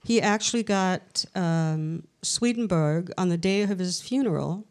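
A woman guest on a live podcast, telling stories in a chatty, animated way and acting out the voices she quotes. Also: on the low side, unhurried. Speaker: interview guest, researcher. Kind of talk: casual storytelling interview. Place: live event in a castle venue.

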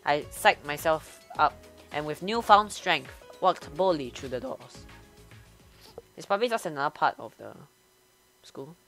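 A woman's voice: deep voice, lively intonation, measured pace, pauses often, a bit bright, soft background music. A woman hosting a gaming channel, reading a visual novel aloud and voicing every character herself.

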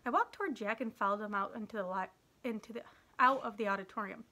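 A woman's voice: mid-range voice, quick pace, bright, forceful tone. Woman teacher reading a story aloud.

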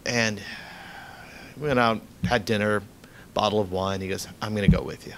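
Guy at a book reading, rambly storytelling, lots of uhs and restarts, slightly low voice. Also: fairly even intonation, normal speed, a little hiss or hum. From United States. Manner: rambling, frequent fillers and restarts. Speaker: author giving a reading. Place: event room.

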